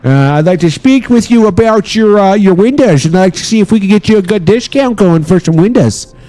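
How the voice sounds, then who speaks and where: A man voicing a polite door-to-door window salesman giving an eager sales pitch. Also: expressive, a little fast, dark tone, faint music behind, low-quality recording.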